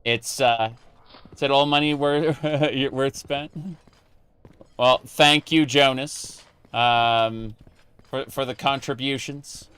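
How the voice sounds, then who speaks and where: A man's voice: mid-range voice, fairly even intonation, slow pace, fairly bright tone, clear, resonant tone. A man chatting casually with his live-stream chat while playing a game, rambling with many fillers and restarts.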